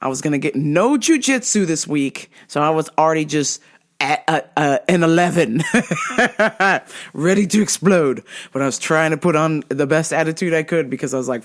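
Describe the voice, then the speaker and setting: Profane, animated woman telling a story. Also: low voice, moderate pace. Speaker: podcast host. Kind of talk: casual storytelling monologue.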